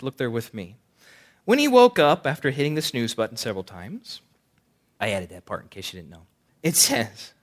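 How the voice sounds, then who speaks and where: A man preaching a sermon, swinging between loud emphasis and hushed, quiet lines. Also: mid-range voice. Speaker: pastor.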